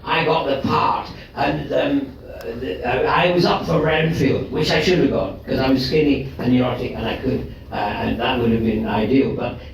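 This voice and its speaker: An older man, a guest actor, telling animated stories at a live event, often chuckling and breaking off mid-sentence to restart. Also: mid-range voice, moderate pace, creaky, hardly any pauses. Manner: animated, chuckling, self-interrupting storyteller. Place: live event venue with audience. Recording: very echoey live room from far off, faint noise.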